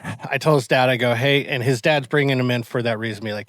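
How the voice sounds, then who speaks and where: Animated man telling stories on a podcast. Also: mid-range voice, fast, no echo. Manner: animated storyteller who acts out the people in his stories. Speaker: martial arts instructor and podcast host. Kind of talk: casual podcast chat.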